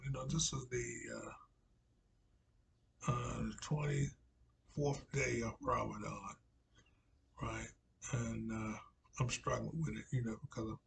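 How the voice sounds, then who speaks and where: A man's voice: mid-range voice, vocal fry, fairly bright tone, slight background noise, poor audio. A man giving a rambling religious monologue, repeating himself and filling gaps with "you know". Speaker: religious speaker.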